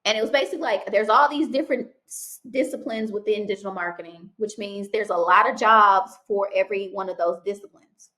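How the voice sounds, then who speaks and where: A woman's voice: mid-range voice, brisk. Chatty woman telling a story. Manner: animated, chatty, with quoted dialogue and restarts. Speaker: vlogger. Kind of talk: casual storytelling vlog.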